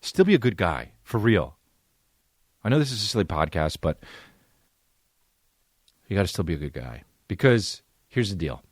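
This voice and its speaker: A man's voice: low voice, big pitch swings, moderate pace, pauses often, no echo, studio quality. A man hosting a comedy podcast, ranting in a profane, sarcastic way. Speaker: podcast host.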